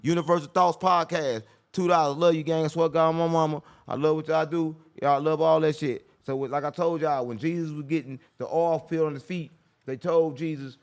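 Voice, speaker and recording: A brash man hosting a podcast rattles along quickly, swearing freely and lecturing his guests. His voice sits a little higher than most men's. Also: steady tone, smooth. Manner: brash, profane, preachy. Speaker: podcast host. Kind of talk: casual podcast chat.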